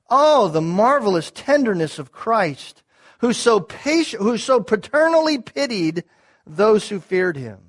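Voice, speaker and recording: High-voiced man preaching a sermon. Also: very animated, takes it slowly. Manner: earnest preaching, repeats key words, small restarts. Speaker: pastor.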